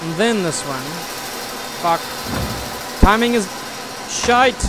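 A man's voice: high voice, lively intonation, slow pace, noisy background. Exasperated young man swearing at a game. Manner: exasperated, swears and shouts often. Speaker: gaming video host.

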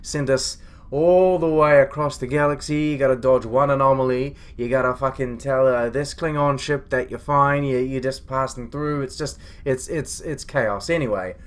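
A foul-mouthed male starship captain rants in a web comedy log, acted by a man in his everyday voice. He rambles, swears freely and stays indignant about everything around him. His voice sits at a middle pitch. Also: moderate pace, close to an everyday voice. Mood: grumbling. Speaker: comedy web series creator.

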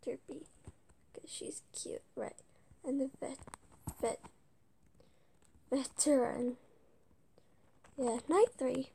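A woman playing a video game, reading its text aloud haltingly and muttering whispered asides between stumbles. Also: sits high, steady tone, vocal fry, dark tone, husky. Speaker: let's-play gamer.

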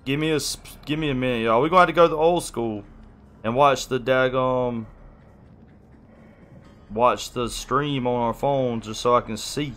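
A man's voice: medium pitch, normal speed, long pauses, a bit bright. Flustered man streaming live. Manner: rambling, flustered, apologetic. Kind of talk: casual live-stream chat.

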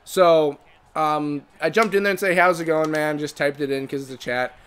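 A young American man in his twenties talks casually over a game session, with a voice sitting a touch higher than most men's. He drifts from one point to the next, restarting sentences and padding them with fillers. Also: moderate pace, fairly bright tone, smooth. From United States. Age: 20s. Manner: rambling, many fillers and restarts. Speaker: gaming co-host. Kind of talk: casual chat over gameplay.

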